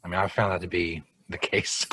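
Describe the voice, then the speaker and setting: A man's voice: low voice, level tone, brisk, background noise. A man co-hosting a casual podcast, joking in a dry, laid-back way. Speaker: co-host.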